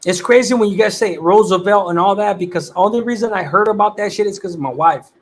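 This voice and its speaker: High-voiced laid-back young man. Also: fast. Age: 20s. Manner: laid-back slangy talk, laughs often. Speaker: livestream host. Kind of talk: casual livestream chat.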